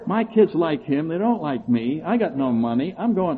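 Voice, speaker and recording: A middle-aged man tells his story to a recovery meeting, his pitch swinging up and down as he acts out what others said. The sound is thin and tinny, like it came over a phone, with a faint hiss underneath. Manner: animated, acting out other people's replies in quick voices. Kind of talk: storytelling talk to a recovery group.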